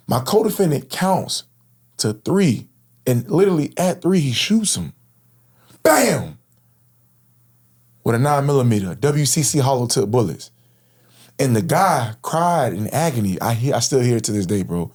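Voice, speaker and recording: A man's voice: mid-range voice, big pitch swings, normal speed, darkish tone, slightly rough. A man in his thirties from Florida, recounting his past as an interview guest in casual, slang-filled, earnest speech. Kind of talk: personal storytelling in interview.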